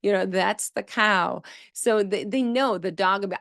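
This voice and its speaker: A woman's voice: mid-range voice, measured pace, creaky, a bit bright, no room sound, clean studio sound. A woman hosting a speech therapy podcast, explaining in a conversational, emphatic way. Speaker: speech-language pathologist podcast host. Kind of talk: solo educational podcast talk.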